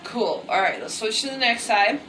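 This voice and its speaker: A woman's voice: on the high side, animated, moderate pace, pushed and bright. A woman giving a casual, chatty workout demonstration with many fillers and self-deprecating asides. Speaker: fitness vlogger. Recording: echoey room, mic at a distance, faint music.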